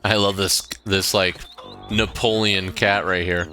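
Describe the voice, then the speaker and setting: A man giving casual, relaxed commentary while he plays a video game. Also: sits low, faint music behind. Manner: slow, relaxed, chatty. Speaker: gameplay host.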